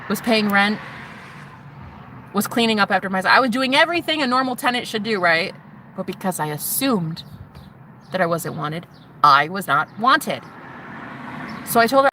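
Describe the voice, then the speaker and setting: A woman speaks from inside a car, telling her own story in a candid vlog. Her voice is bright and sharp, and her telling is blunt and profane, driving points home by repeating them. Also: mid-range voice, animated, normal speed, long pauses, slight background noise. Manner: blunt and profane, emphatic repetitions. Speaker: vlogger.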